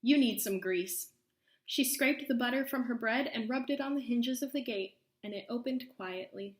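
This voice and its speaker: A woman with a somewhat high voice reads a children's storybook aloud, drawing out lines for suspense. The sound bounces around an echoey room. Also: fairly even intonation, normal speed. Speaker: storyteller reading a children's book. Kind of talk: read-aloud story narration.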